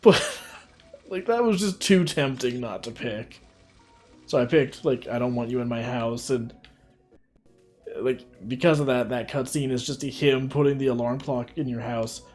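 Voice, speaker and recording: A man's voice: mid-range voice, unhurried, pauses often, darkish tone. Male streamer, casual rambling commentary, laughs a lot, faint game music behind. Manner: rambling, many fillers, laughs often.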